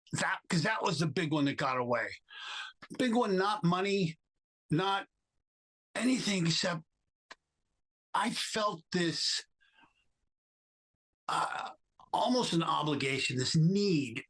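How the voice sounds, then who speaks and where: A man being interviewed as a guest, telling stories with lively quoted voices and many fillers. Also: poor audio. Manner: animated anecdotes, acts out quoted people with jumps in pitch; many fillers and restarts, reflective. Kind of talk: storytelling interview.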